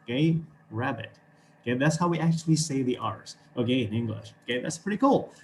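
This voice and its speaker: A man's voice: mid-range voice, animated, a little fast, a little mellow, a little hiss or hum. An Indonesian man with an Indonesian accent teaching an English class over a video call, encouraging and chuckling often as he explains.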